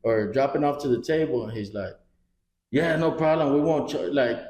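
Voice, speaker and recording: A man's voice: medium pitch, normal speed, a little mellow. A man co-hosting a podcast, telling a story casually, acting out the dialogue and swearing freely. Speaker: podcast co-host. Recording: roomy echo.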